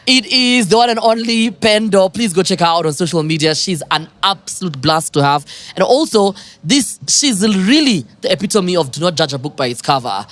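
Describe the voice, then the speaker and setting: Bubbly South African woman host, animated intonation, quick to laugh and tease. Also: fairly low pitch. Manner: bubbly, laughs often, teasing. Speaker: podcast host. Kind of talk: casual interview chat.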